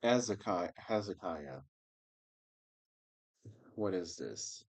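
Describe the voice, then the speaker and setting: A man hosting a casual livestream, chatting with viewers and reading their comments aloud in a relaxed, rambling way. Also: low voice, takes it slowly, slightly rough, rough recording. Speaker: livestream host reading scripture.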